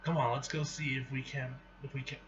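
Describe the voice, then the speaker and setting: A man's voice: medium pitch, steady tone, fairly quick, a bit bright, close to an everyday voice. A man reading the lines of a roguish male thief with a laid-back, guarded drawl, from a dull lo-fi recording. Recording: dull lo-fi recording with faint hiss.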